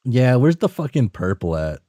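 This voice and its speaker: A man's voice: medium pitch, sing-song, normal speed, mellow, no echo, studio quality. A man reading a webcomic aloud on a stream, musing and swearing freely as he reacts.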